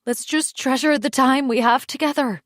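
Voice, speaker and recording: A woman's voice: high voice, moderate pace, dry recording, studio quality, voice pushed up, natural voice. A woman narrator voicing a torn, anguished man who pleads, in her own voice raised with emotion. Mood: pleading.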